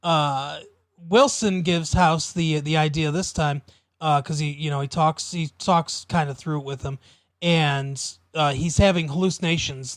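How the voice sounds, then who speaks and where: Podcast co-host, male, a bit high-pitched, dry mic, laid-back rambling recap. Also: no echo. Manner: relaxed, drawn-out retelling with many fillers. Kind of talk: casual chat recapping a TV episode.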